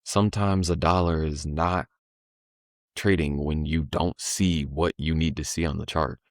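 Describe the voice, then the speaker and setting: A deep-voiced man chats casually as a podcast guest, loose and slangy as he tells his story. The sound is dry and close, with no room around it. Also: unhurried, no room sound. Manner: laid-back slangy storytelling, animated when voicing the market.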